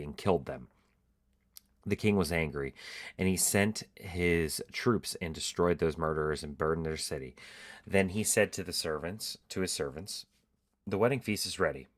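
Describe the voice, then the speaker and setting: Super deep-voiced guy, sleepy, casually reading bible verses on his podcast, lots of ums. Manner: relaxed, halting, with fillers. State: tired, yawning. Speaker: podcast host.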